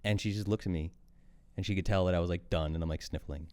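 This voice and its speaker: A man's voice: sits low, fairly even intonation, quick pace, a little mellow. A man in his thirties, a podcast guest and coach, talking candidly and intensely, swearing freely. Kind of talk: candid conversational monologue.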